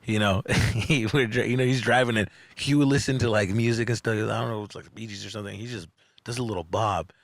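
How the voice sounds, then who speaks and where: A man's voice: lowish voice, steady tone, quick pace, vocal fry, no echo. A man in his thirties chatting casually as a podcast guest, laughing often, swearing freely and acting out people's voices in his stories. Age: 30s. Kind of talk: casual storytelling chat.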